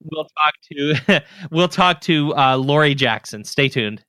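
A man hosting a podcast, talking casually and relaxed, often trailing off and restarting his sentences. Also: a little high, slow, smooth, no room sound, studio quality. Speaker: podcast host.

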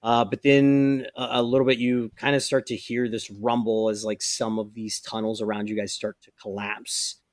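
A man's voice: on the low side, little pitch movement, normal speed, hardly any pauses, no room sound, clean studio sound. A man running a tabletop game as game master, narrating the scene loosely with fillers.

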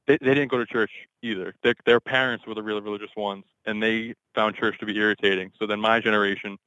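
A man co-hosting a radio show, talking casually and quickly, full of "like" and restarts. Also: on the low side, steady tone, bright, forceful tone, smooth, no room sound, muffled recording. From Boston area, USA. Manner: quick, hesitant, many "like"s.

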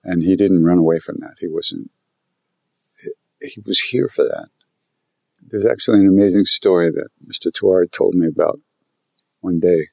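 A man with a lowish voice tells a winding story, circling back and repeating himself. He talks in an animated, conversational way. The sound is dry and close to the mic. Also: moderate pace, gravelly, pauses often, no room sound. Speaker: guest telling stories about his teacher.

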